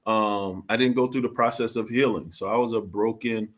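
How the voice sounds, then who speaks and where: A man with a fairly low, fairly flat voice speaks at a moderate pace as a guest on a podcast. He shares his story earnestly and confessionally, dropping in casual slang.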